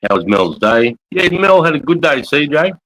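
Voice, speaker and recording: A man's voice: a little high, big pitch swings, moderate pace, a bit bright, rough recording. Laid-back Australian man, swearing casually. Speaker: podcast co-host. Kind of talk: casual chat.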